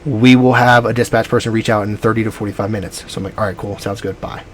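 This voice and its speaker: A man's voice: lowish voice, fast, slight background noise. A man, rambling through a story in a casual vlog and acting out the people in it. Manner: rambling, animated retelling with quoted dialogue. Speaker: vlogger.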